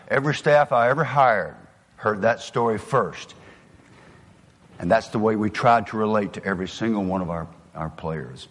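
A man's voice: fairly low pitch, normal speed. Older man speaking in a reverberant hall. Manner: earnest, storytelling, drops soft for emotional moments. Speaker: motivational speaker, former football coach. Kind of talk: motivational speech with personal stories.

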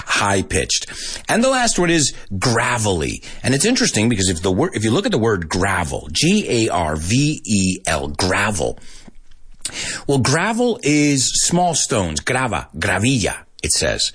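A man leads a casual English lesson, dipping into Spanish and laughing often. His voice sits fairly low and is husky. His pitch swings widely as he talks. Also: wildly swooping pitch, a little slow, a bit bright. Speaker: English teacher. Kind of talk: casual bilingual vocabulary lesson.

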